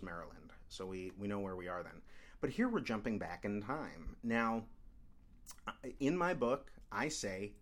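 Guy with a lowish voice going over a screenplay, lots of ums and restarts, like a lesson. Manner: thinking aloud, stop-start with fillers. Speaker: screenwriting teacher. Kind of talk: script analysis lecture.

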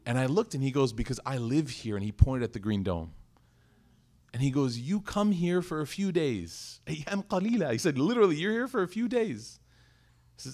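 A man teaching a sermon in a conversational, animated way, telling a personal story and asking rhetorical questions. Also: medium pitch, brisk. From United States. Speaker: Islamic teacher.

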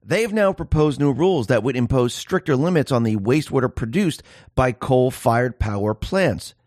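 In a political monologue he hosts, a man talks forcefully, tossing out rhetorical questions and mimicking the voices of regular folks. His medium-pitched voice is expressive and slightly mellow, moving at a normal speed, captured in a dry, studio-quality recording.

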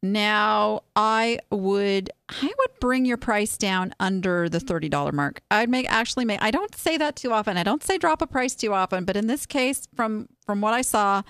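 A woman with a medium-pitched voice hosts a casual live stream, recorded dry at studio quality. She reviews online sales listings, giving frank advice in a chatty, animated way with many restarts.

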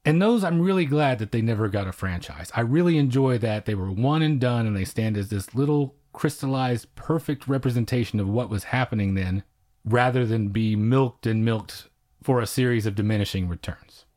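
A man's voice: mid-range voice, moderate pace, a little mellow. Enthusiastic man co-hosting a film chat. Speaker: podcast co-host. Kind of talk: casual film review chat.

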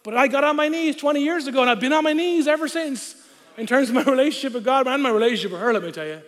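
A pastor in his thirties preaches from a church stage, his voice sitting high for a man and bouncing with animated, joking energy. He slips into quick acted-out voices as he tells his story. The sound rings out with the long reverb of a big hall. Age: 30s. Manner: animated, humorous, acts out voices. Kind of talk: storytelling sermon.

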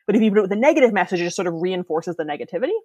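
A woman's voice: lowish voice, expressive, rapid-fire, dark tone, slightly rough, no echo. A woman in her thirties, a podcast guest, explaining ideas eagerly in casual chat and laughing often.

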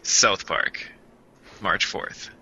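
A man's voice: very slow, pushed and bright, dull audio. A man co-hosting a casual podcast, playful and often laughing. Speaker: podcast co-host. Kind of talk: casual chat.

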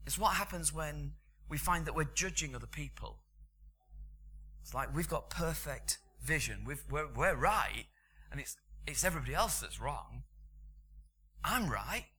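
A man's voice: fairly high pitch, lively intonation, moderate pace, pushed and bright, a little hiss or hum. Middle-aged British man preaching. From Britain. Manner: conversational storytelling, chuckling asides. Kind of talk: sermon.

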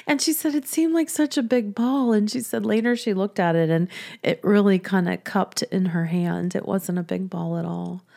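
A woman telling a personal story in a chatty, soft-spoken way, often laughing between sentences. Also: mid-range voice, moderate pace, creaky. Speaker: business coach and podcast host.

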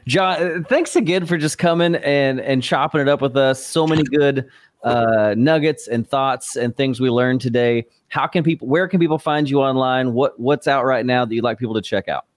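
A man's voice: mid-range voice, moderate pace. A man co-hosting a podcast, wrapping up the chat with an upbeat thank-you. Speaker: podcast co-host. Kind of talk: casual interview.

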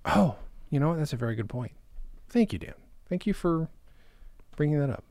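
A young man co-hosting a casual comedy podcast, animated and jokey, slipping into silly voices. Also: a little high, brisk, dry recording. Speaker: podcast co-host.

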